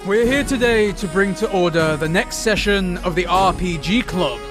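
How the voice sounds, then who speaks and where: A man putting on a booming pompous judge over loud music. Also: natural voice. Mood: grandly formal. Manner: slow, booming, ceremonious announcing. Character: pompous male judge calling a club session to order. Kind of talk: recorded show jingle.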